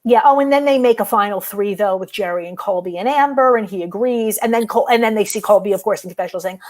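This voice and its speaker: A woman co-hosting a podcast, recapping in a chatty way with quick self-corrections. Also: mid-range voice, darkish tone. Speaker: podcast co-host. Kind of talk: casual chat.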